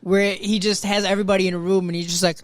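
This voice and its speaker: A man's voice: sits high, flat delivery, quick pace, no echo. A man chatting casually as a guest on a podcast, laughing and retelling stories in quoted voices. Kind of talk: casual chat.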